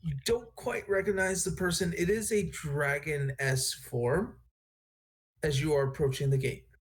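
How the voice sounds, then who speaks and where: A man's voice: a little high, normal speed. Male game master, rambling, restarts sentences mid-thought while narrating scenes. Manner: rambling, self-correcting narration.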